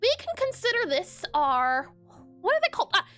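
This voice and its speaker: A woman with a very high, animated voice narrates a casual coding devlog, chatty and prone to self-corrections and spelling words aloud. Her tone is bright and sharp, with faint music playing underneath. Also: normal speed. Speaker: indie game developer.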